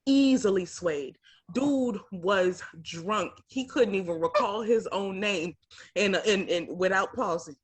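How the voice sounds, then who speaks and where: A woman's voice: mid-range voice, takes it slowly, husky. A woman co-hosting a reaction show, chatting casually and giving outspoken, slang-heavy opinions. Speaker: co-host of a reality TV reaction show. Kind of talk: casual chat reacting to a TV episode.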